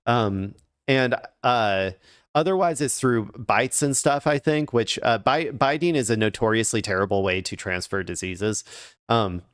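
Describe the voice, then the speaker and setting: A man's voice: medium pitch, measured pace, fairly bright tone, no echo, clean studio sound. A man casually commenting on the news on his stream, rambling and hesitant with many fillers and restarts.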